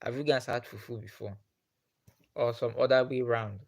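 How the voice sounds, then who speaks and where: A man's voice: mid-range voice, steady tone, moderate pace, darkish tone. A man with a Nigerian accent, chatting on a live stream and putting the same questions to his viewers again and again. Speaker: livestreamer.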